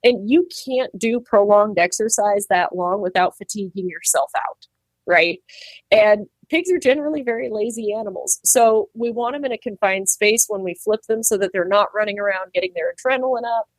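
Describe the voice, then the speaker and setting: A woman's voice: mid-range voice, normal speed, no room sound. Chatty woman pig trimmer, dry sound. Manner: animated, acts out quoted voices, laughs easily. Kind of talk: casual interview talk.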